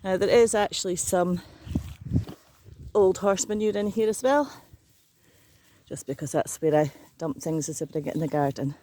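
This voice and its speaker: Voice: mid-range voice, moderate pace, noisy background. An older vlogger chatting casually in a matter-of-fact way while working outdoors in a garden. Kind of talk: casual chat.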